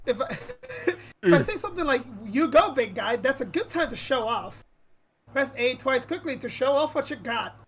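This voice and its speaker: A woman streaming a rhythm game, chatting casually with friends and reading the game's lines aloud, giggly and excitable. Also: high voice, normal speed, slight background noise. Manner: giggly, excitable, talks over others. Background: game music.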